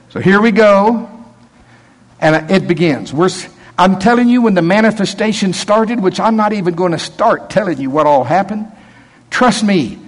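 Preacher guy telling a story in a sermon, kinda high voice, acts out the voices. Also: moderate pace, poor audio.

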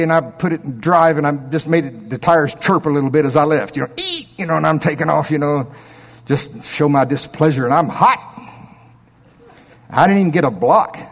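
A man's voice: mid-range voice, long reverb tail. A middle-aged man preaching a sermon in a conversational storytelling way, with asides and rhetorical questions to the congregation. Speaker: pastor.

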